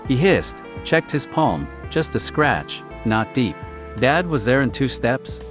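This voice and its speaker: A man reading a story aloud in a quiet, clipped, understated way. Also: medium pitch, big pitch swings, takes it slowly, music in the background. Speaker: narrator. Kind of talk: scripted story narration.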